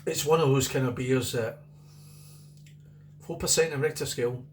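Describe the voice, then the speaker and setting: A man's voice: mid-range voice, moderate pace, a little hiss or hum. A middle-aged Scottish man chatting casually through a beer review, rambling and repeating himself.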